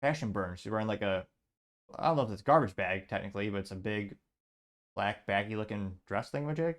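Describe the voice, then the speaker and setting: A man's voice: fairly low pitch, lively intonation. Sarcastic man hosting political commentary. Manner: sarcastic, halting, with restarts. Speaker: host.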